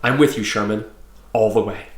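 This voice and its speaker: A man reading aloud voices a steady, gruff military father who speaks in a calm, clipped way. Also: on the low side, moderate pace, echoey room, natural voice. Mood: resolute.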